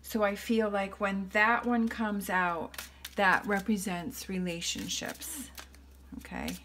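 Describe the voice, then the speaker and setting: A woman reading tarot at a slow, easy pace, gently reassuring her viewers. She thinks aloud as she goes and keeps checking in with them. A faint hiss sits under her voice. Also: medium pitch. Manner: reassuring, often checks in with "okay?". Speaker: tarot reader.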